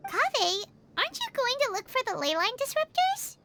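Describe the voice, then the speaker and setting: A chirpy high fairy companion. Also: female voice, big pitch swings, moderate pace, full character voice. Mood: curious. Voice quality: very high, sing-song. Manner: chatty, wide-eyed questions. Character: tiny floating fairy-like girl companion, chirpy and curious. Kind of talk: game dub voice acting. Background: game music.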